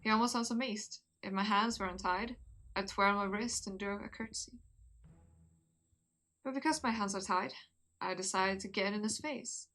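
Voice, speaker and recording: A woman's voice: mid-range voice, normal speed, long pauses, a bit bright. A young woman streamer, giggly and chatty, reading a story aloud and talking with her viewers. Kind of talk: casual live-stream chat and story reading.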